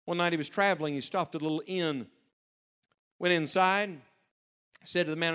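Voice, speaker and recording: Higher-voiced male preacher telling stories. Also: moderate pace, pauses often, smooth. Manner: storytelling, swings between hushed and loud urgent emphasis. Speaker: pastor. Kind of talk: sermon to young people.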